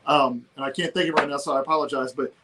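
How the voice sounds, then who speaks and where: A man's voice: medium pitch, fairly even intonation, noisy background. A man co-hosting a livestream who chats casually and rambles, stopping and restarting his sentences. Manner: rambling, halting, full of restarts and fillers. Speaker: livestream co-host. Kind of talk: casual chat.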